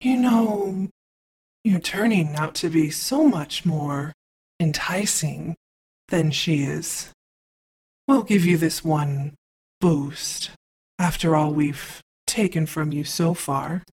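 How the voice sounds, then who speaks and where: A woman voicing a sinister many-voiced spirit who taunts and bargains slowly. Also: deep voice, darkish tone. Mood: taunting.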